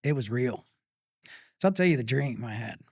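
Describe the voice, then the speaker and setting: A middle-aged man from Texas, a pit master guest, telling a personal story in an interview, halting and full of pauses and fillers. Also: mid-range voice, expressive, a little mellow, no room sound, studio quality.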